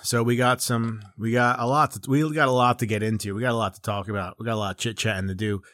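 A man's voice: fairly low pitch, steady tone, fast talker, fairly bright tone, no room sound, studio quality. A man in his forties hosting a comedic chat, rambling and profane and mocking himself. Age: 40s. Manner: rambling, profane, self-mocking, with lots of restarts and riffs.

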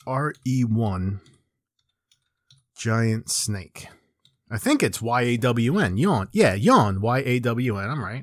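A man's voice: medium pitch, lively intonation, slow pace, long pauses, dry recording, clean studio sound. Rambling, profane man in his forties. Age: 40s. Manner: rambling, profane, self-mocking, with lots of restarts and riffs. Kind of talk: comedic casual chat.

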